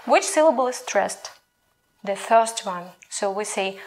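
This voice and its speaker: A woman's voice: medium pitch, moderate pace. A young woman with a Ukrainian accent, a native Ukrainian speaker teaching a language lesson in English and patiently modelling each sound aloud.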